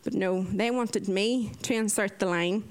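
A woman, a nurse, telling a personal story in a casual, animated way. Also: medium pitch, a little slow, smooth. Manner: lively, animated retelling with acted-out quotes.

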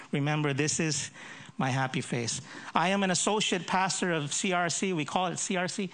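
A man's voice: high voice, pushed and bright. Filipino man preaching with an American lilt. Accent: Filipino with American influence. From Philippines. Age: 50s. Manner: self-deprecating jokes, repeats words when starting. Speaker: associate pastor. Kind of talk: sermon with prayer and humorous introduction.

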